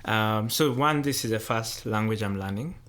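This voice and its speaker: Low-voiced student, tentative. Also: male voice, normal speed, fairly bright tone, slight background noise. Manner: tentative, searching for words. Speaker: theology student. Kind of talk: podcast conversation.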